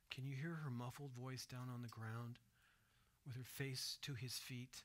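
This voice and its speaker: A man preaching a sermon in church, swinging between hushed, soft retelling and loud, emphatic asides, and asking his listeners direct questions. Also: mid-range voice, steady tone, normal speed. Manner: asks the congregation direct questions. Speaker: pastor. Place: church sanctuary.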